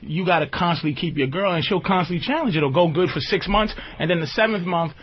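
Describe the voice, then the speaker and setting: A man's voice: high-pitched, fast, husky. A man hosting a radio talk show, joking loosely and often asking whether the listener understands. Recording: lo-fi radio recording.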